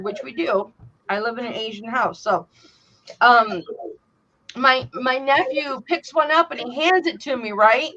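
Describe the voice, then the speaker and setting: Her voice runs on the high side at a measured pace as she hosts a casual chat. She's an animated storyteller who swears freely and acts out quotes, heard through dull lo-fi sound.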